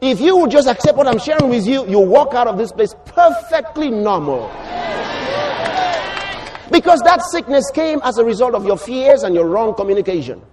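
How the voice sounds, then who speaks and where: A man preaching a sermon, emphatic and repetitive, rising to shouts. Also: extremely high pitch, animated, moderate pace, crowd noise, background noise.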